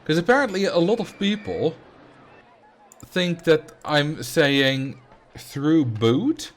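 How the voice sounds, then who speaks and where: A man's voice: a little high, lively intonation, a bit bright. Chatty Dutch-accented man streaming a game. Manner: chatty, laughs easily, halting restarts. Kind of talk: casual livestream chat, replying to chat.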